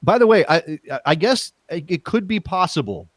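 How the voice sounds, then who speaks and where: A man with a high, very animated voice co-hosts a podcast, trading teasing jokes in casual chat. He talks briskly, and there's no echo.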